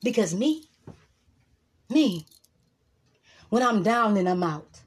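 A woman's voice: mid-range voice, expressive, slow, slightly rough. A woman giving an emphatic, profane motivational monologue as a vlogger, repeating lines for emphasis.

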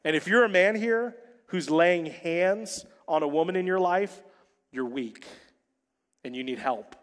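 A man in his forties preaches a sermon with punchy lines and wry joking asides, often dropping suddenly soft for effect. His voice sits a little high for a man. Long reverb from the church sanctuary trails behind every line. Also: unhurried. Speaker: pastor.

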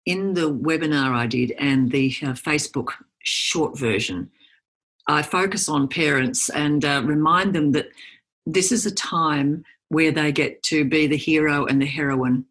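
A woman's voice: low-pitched, a little slow, breathy edge. A woman, a guest on an interview, telling stories and acting out the quotes in them. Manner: animated storyteller, acts out quotes. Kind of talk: conversational interview.

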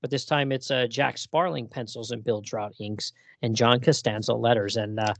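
A man's voice: mid-range voice, steady tone, moderate pace, gravelly. A man co-hosting a casual podcast, enthusiastic and laughing often as he recaps stories. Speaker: podcast co-host. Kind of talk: casual chat.

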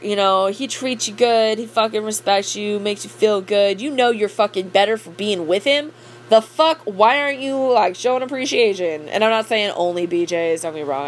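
Blunt, profane young woman rambling late at night. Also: medium pitch. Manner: laughs often. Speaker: cook. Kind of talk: casual late-night monologue.

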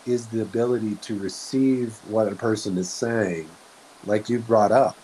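A man talking slowly and earnestly in a reflective spiritual way, often restarting his sentences. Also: fairly low pitch, fairly even intonation, poor audio. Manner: slow, soft-spoken, earnest, with frequent restarts. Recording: faint hiss.

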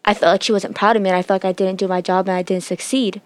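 A woman's voice: medium pitch, flat delivery, rapid-fire, no echo. Teen girl telling a heartfelt story, dry sound. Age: teens. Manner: heartfelt, tearful at times, many fillers. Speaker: student sharing a personal story. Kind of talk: emotional personal storytelling.

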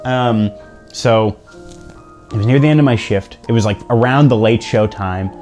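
A man's voice: fairly low pitch, moderate pace, a little mellow, faint music behind. A young man co-hosting a casual podcast chat, telling stories and acting out the people in them. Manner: storytelling, acts out customers in funny voices. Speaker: podcast co-host.

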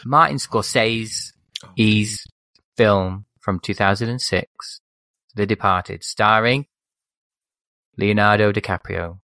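A man's voice: lowish voice, slow, long pauses, bright, forceful tone, dry recording. A man co-hosting a podcast, chatting about films in a wry, teasing way. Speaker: podcast co-host. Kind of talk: casual film chat. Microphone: desk microphone.

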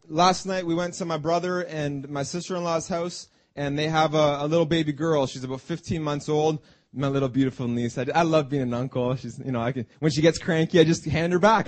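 A middle-aged man preaching a sermon in a church, often restarting words and asking the congregation "Amen?". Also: fairly high pitch. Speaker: pastor.

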